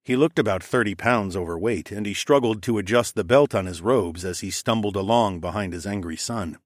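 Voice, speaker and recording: A man's voice: fairly low pitch, fairly quick, no room sound, studio quality. A man narrating a fantasy audiobook in the first person, conversational and wry with casual swearing.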